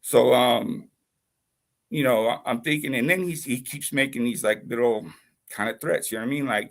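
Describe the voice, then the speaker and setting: A man with a gravelly voice tells a long personal story in casual, rambling speech. He swears freely and keeps asking whether you follow him. His voice sits at a middle pitch. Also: normal speed, a bit bright. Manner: profane, rambling, keeps asking "you know what I mean?". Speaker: YouTube channel host.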